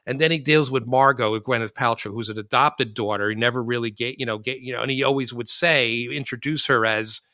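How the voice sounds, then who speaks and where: A man hosts a casual podcast about films, telling scenes in an animated, rambling way. His voice is bright and forceful, and the sound is dry and close, with no room around it. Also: mid-range voice, brisk, few pauses, dry recording. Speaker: podcast host. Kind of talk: casual film discussion.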